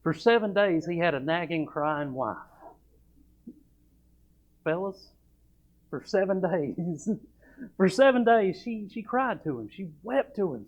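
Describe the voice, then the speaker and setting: A man's voice: high voice, expressive, normal speed. Folksy, emphatic preacher man. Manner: folksy, emphatic, reads old scripture aloud. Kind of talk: sermon. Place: church service. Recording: dull lo-fi church recording.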